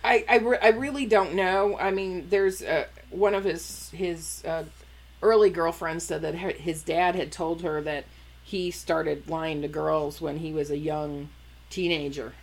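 A woman chatting casually on a podcast, recounting a story in halting bits with fillers and restarts. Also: sits low, steady tone. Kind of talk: casual chat.

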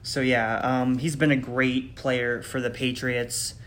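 A man co-hosting a casual sports podcast, giving measured, confident opinions with some fillers. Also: medium pitch, level tone, fairly bright tone. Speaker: podcast co-host.

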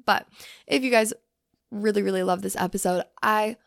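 A young woman hosting her own podcast, talking loosely with lots of fillers and the odd swear, softly emphatic. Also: mid-range voice, fairly even intonation, normal speed, gravelly, no echo, clean studio sound. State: hungry from fasting. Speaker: podcast host. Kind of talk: casual solo podcast talk.

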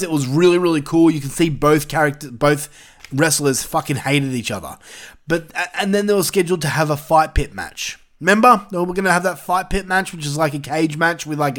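A man's voice: a little high, fairly bright tone. A man hosting his own show, giving casual solo commentary in a profane, exasperated, ranting way. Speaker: wrestling review show host.

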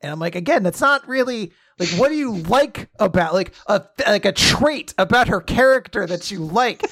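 Man telling an animated podcast bit. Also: sits high, moderate pace, few pauses. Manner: animated storytelling, acts out scenarios. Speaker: podcast co-host. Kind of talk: casual podcast chat.

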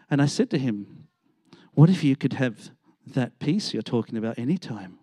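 A man's voice: mid-range voice, expressive, brisk, dark tone, breathy edge, no room sound, clean studio sound. A middle-aged man, preaching a storytelling sermon and acting out the voices of the people in his stories. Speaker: pastor.

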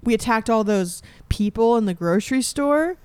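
A woman's voice: fairly high pitch, expressive, moderate pace, darkish tone, smooth, no room sound. A woman playing a tabletop game, jokey and crude, sounding worn out. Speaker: player.

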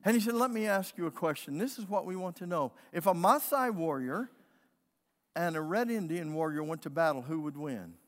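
Man, pastor, high voice, lively sermon storytelling, amen calls, long church-hall reverb. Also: moderate pace. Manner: storytelling preacher, calls for amens. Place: church sanctuary.

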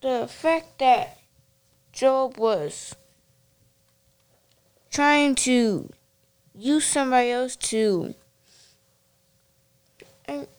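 A woman's voice: sits high, very slow, long pauses, clear, resonant tone. A woman in a Bible study group sharing her thoughts hesitantly, searching for her words.

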